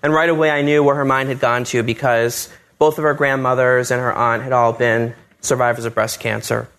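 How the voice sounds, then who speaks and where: In a brisk, medium-pitched voice, a man relates a personal story involving his proposal and his family. He tells it animatedly, giving voice to the people he quotes.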